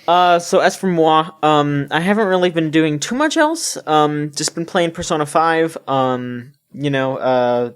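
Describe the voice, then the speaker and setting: A man's voice: on the high side, a little slow, few pauses, clear, resonant tone. A man co-hosting a casual gaming podcast, ranting with heavy swearing. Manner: ranting, profane, animated. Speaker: podcast co-host.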